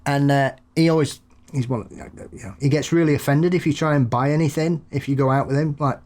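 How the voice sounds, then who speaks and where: With a fairly high, darkish voice and fairly even intonation, this English podcast co-host talks fairly quickly in casual chat. He laughs a lot and does voices while telling anecdotes.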